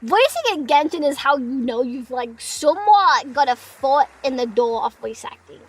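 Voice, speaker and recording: A young woman who streams and does part-time voice acting chats casually with her viewers, playful and self-deprecating, giggling often. Her voice is high-pitched and expressive at a normal speed, though the recording quality is low.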